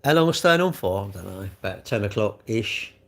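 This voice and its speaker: A man's voice: on the low side, lively intonation, brisk, creaky, fairly bright tone. A man hosting a live stream, chatting casually and answering comments in a rambling, jokey, self-deprecating way. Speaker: livestream host.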